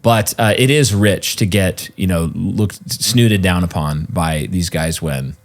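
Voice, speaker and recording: A man co-hosting a podcast in casual chat, mocking and laughing often, with quick restarts. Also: deep voice. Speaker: podcast co-host.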